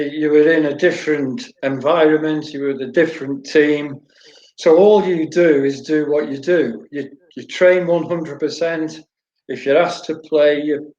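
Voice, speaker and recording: A man's voice: a little high, a little mellow. Storytelling man, roomy lo-fi sound. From Wales. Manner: anecdotal, repeats words, laughs while telling stories. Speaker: former goalkeeper guest. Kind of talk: storytelling interview answers.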